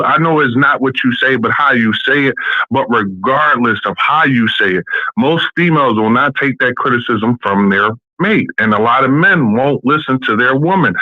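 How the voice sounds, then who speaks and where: A man's voice: medium pitch, no echo. A man ranting bluntly and with plenty of profanity in a casual podcast chat, calling in from a bathroom at home. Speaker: podcast guest. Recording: dull lo-fi call audio.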